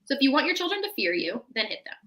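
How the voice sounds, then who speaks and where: Bright-voiced woman explaining reflectively. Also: sits high, big pitch swings, very fast, low-quality recording. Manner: reflective, explanatory, often adds a checking "right?". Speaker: mental health professional guest. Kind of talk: casual podcast chat.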